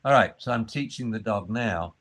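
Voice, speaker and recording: A man explaining dog training in a conversation, acting out the voices he uses with dogs. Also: normal speed. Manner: acts out high fussy voices and low calm commands.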